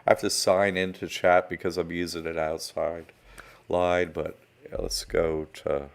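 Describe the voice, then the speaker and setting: A man's voice: deep voice, level tone, a little slow, vocal fry. A man hosting a live-streamed online class, rambling and conversational as he greets chat viewers. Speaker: online course host.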